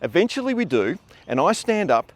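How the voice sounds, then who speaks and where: Lively man telling a funny story. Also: fairly high pitch, a little fast. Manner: animated, acts out voices in his tale. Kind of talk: casual spoken anecdote.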